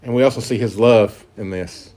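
A man's voice: on the low side, moderate pace, warm tone. Man preaching an earnest sermon. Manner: earnest, emphatic preaching with scripture reading. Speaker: pastor.

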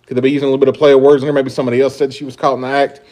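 A man's voice: mid-range voice, flat delivery, very fast, a little mellow. A man preaching a sermon, emphatic and full of rhetorical questions, rising and dropping in volume as he stresses points. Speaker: pastor.

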